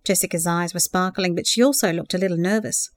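A woman narrating a romance novel in a calm, even storytelling voice. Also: lowish voice, quick pace, dry recording. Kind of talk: scripted audiobook narration.

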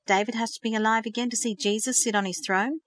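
A woman's voice: fairly high pitch, steady tone, fast talker, a bit bright, no echo, clean studio sound, lightly acted. A woman reading the part of an earnest, hopeful teenage girl of faith. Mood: eager. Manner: earnest, eager. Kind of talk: audiobook reading.

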